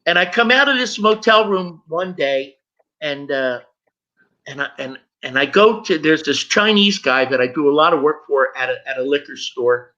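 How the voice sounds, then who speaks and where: A middle-aged man with a high, bright, sharp voice tells his own story. He halts and repeats himself when the story gets heavy, and the recording sounds dull and lo-fi. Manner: halting, stumbles and repeats words when moved. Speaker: guest. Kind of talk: emotional personal storytelling.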